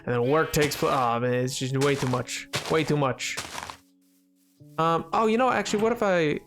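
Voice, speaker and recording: A young man streaming a survival game, chatting casually with his viewers, joking and bragging in a rambling way with quick laughs. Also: on the high side, over music. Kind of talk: casual chat while playing a game.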